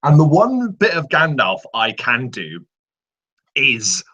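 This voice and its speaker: A man who is a guest on a live panel, explaining in casual chat with animated delivery. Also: mid-range voice, slow, lo-fi sound. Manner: animated, laughs while explaining.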